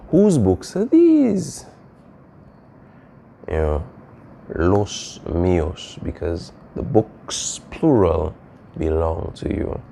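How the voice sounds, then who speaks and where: A man's voice: deep voice, gravelly, dark tone, slight background noise. A man teaching a Spanish lesson, explaining casually with frequent fillers and "all right?" checks. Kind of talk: recorded classroom lesson.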